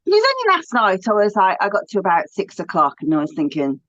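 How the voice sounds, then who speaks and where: A woman's voice: mid-range voice, huge pitch swings, quick pace, few pauses, a bit bright, no echo, lo-fi sound. A woman with a British accent, co-hosting a casual chat in a chatty, enthusiastic way. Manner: chatty, enthusiastic, self-talking asides. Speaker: podcast co-host.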